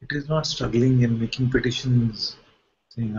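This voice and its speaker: A man's voice: medium pitch, moderate pace, a little mellow, husky, dull audio. A man, a spiritual teacher, giving a playful, questioning satsang talk with light jokes.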